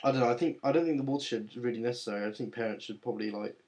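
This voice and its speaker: Animated young man telling stories. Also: medium pitch, rapid-fire. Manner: animated storyteller, jumps into quoted voices. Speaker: podcast host. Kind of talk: casual chat.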